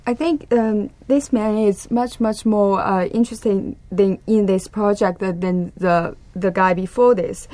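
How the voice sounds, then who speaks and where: A woman's voice: mid-range voice, measured pace, hardly any pauses, warm tone, dry recording. A woman student answering the teacher's question carefully. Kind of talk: answering in class.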